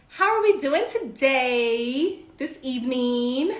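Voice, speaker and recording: A young woman hosting a casual livestream, greeting viewers by name in bubbly, drawn-out sing-song tones. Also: high voice, a bit bright, roomy sound.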